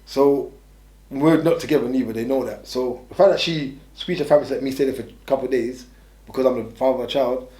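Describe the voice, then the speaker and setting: Fast-talking blunt man, roomy sound. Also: medium pitch, dark tone. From England. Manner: blunt, rambling, restarts a lot. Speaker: interviewee. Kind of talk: candid storytelling. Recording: roomy echo.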